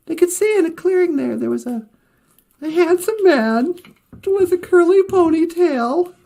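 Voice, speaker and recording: A woman's voice: very high voice, dark tone. A woman telling a story casually on a livestream, rambling with restarts and laughing along.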